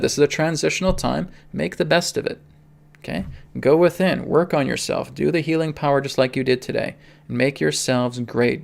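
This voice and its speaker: A man's voice: fairly high pitch, creaky. A man hosting a live spiritual stream, talking emphatically and tagging his points with "okay?". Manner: emphatic, repeats "okay?" often. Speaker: spiritual reader and host.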